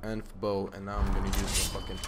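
A young man giving live gameplay commentary, swearing constantly and jumping from low muttering to loud outbursts at enemies. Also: monotone, quick pace, noisy background. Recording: loud game music behind the voice. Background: loud game music.

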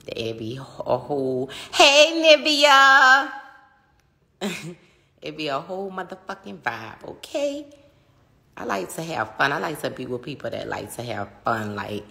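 Brief: woman, 30s, New Orleans accent, very low gravelly voice, bright edge, chatty phone livestream host. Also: sing-song, normal speed. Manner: chatty, swears freely, reads out viewer comments. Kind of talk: casual livestream chat.

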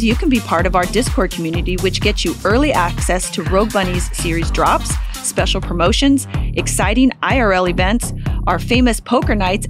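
Upbeat woman reading a promo over music. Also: medium pitch. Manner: upbeat, salesy. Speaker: show regular, company founder. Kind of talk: promotional read. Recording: voice read over clear music.

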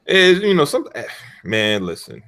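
A man chatting on a gaming podcast in a casual, profane way. His pitch swings widely, and he breaks into loud mocking outbursts. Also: normal speed. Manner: profane, animated storytelling with loud mock outbursts. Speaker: podcast guest.

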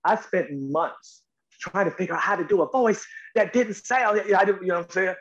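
Emphatic high-voiced man telling stories. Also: a little fast. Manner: lively, emphatic, acts out quotes in higher voices. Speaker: actor guest. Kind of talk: animated interview storytelling. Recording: slightly dull lo-fi audio.

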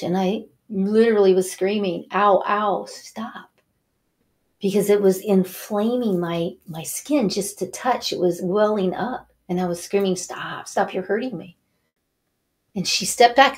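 Middle-aged woman, wellness show host and Reiki teacher, mid-pitched, animated storyteller talking to viewers. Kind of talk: motivational talk to viewers.

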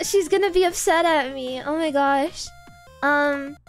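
Very high-voiced giggly woman streamer. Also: measured pace, faint music behind. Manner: giggly, flustered reactions. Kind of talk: casual game-stream commentary.

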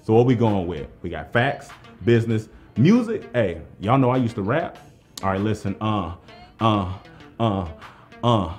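A man running a live trivia game with lots of swing in his voice, rising and falling as he hypes up the players. He jokes around and keeps the energy high between questions, over a faint bed of music. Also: very animated, unhurried, a little mellow. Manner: hyped-up, playful, jokey, talks straight to the players. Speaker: trivia game show host. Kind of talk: hype live game hosting.

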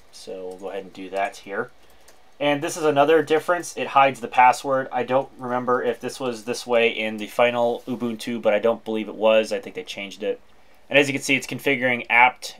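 A man narrating a screen-recorded software walkthrough in a chatty, informal way with wry asides. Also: medium pitch. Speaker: tech video host.

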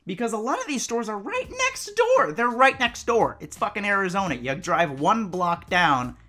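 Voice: medium pitch, big pitch swings, normal speed, bright, forceful tone. A retail cashier telling a work story as an exasperated, profane storytime rant. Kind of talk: animated storytime vlog.

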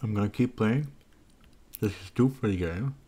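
A man's voice: on the low side, moderate pace, dark tone. A young man giving loose, profane let's-play commentary at home while eating, close on a desk microphone. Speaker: streamer.

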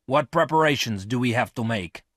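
A man's voice: mid-range voice, lively intonation, normal speed, fairly bright tone, dry recording, pitched above the performer's own voice. Man playing a hard, impatient gunman in a storybook, blunt and scornful, dry close sound.

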